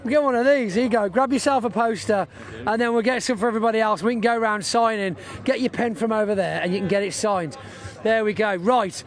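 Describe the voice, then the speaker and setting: A man presenting live while walking around an outdoor race circuit, chatting and joking with guests. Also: high-pitched. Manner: chatty, jokey, quick asides. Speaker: trackside presenter.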